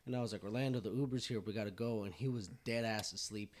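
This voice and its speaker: A man's voice: lowish voice, quick pace. A man casually telling a rowdy story to friends, swearing and laughing as he goes.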